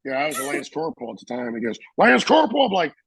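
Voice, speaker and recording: A middle-aged man, a veteran, telling his service stories casually and acting out the shouted lines of others. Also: medium pitch, very fast, husky, no room sound, low-quality recording. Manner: animated, acts out shouted quotes. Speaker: veteran interviewee. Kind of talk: casual storytelling.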